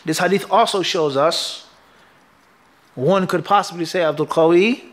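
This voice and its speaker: High-voiced emphatic male Islamic teacher. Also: measured pace. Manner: call-and-response questioning, asks "what?" for the class to fill in; emphatic, punchy delivery. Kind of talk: hadith lesson to students.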